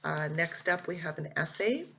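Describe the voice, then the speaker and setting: Woman teacher reading a memoir aloud, earnest, unhurried, some vocal fry. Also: low-pitched, animated, pushed and bright, a little hiss or hum.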